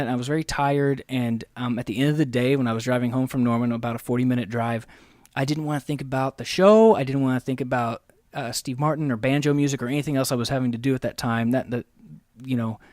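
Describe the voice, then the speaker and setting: A man from Oklahoma chatting on a podcast, telling stories in an animated way, laughing often and jumping up in pitch when he quotes people. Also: dry recording, clean studio sound. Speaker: guest host. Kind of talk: casual podcast chat.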